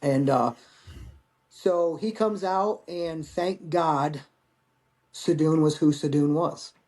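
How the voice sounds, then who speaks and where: A man's voice: fairly high pitch, slow, darkish tone. A man in his forties, a veteran guest, telling stories in a candid, rambling way and swearing casually. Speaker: podcast guest, Marine veteran. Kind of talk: casual storytelling.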